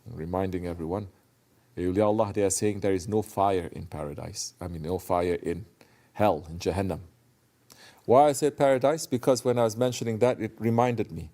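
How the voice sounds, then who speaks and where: Low gravelly man giving a Sufi talk. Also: dark tone. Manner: conversational, asks listeners questions, searches for words. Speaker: Sufi teacher. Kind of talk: sermon.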